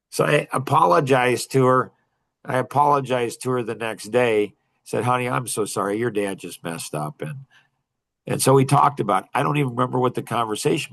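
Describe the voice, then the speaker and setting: A middle-aged man leading a coaching group, telling a personal story in a casual, animated way with frequent laughter. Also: mid-range voice, creaky, breathy edge.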